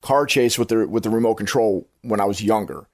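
Guy on a movie podcast, rambly and excited, keeps circling back, voice sounds close and dry. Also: fairly low pitch, brisk, no echo. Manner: rambling, enthusiastic, self-correcting. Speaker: podcast host. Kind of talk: casual film-review chat.

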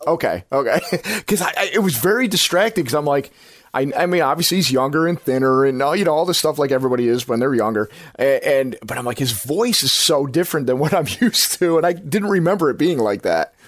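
In a dry recording with clean studio sound, a man's slightly high, fairly bright voice moves at a quick, animated pace. He's hosting a podcast and casually chatting about films. He rambles enthusiastically, revisiting points and correcting himself.

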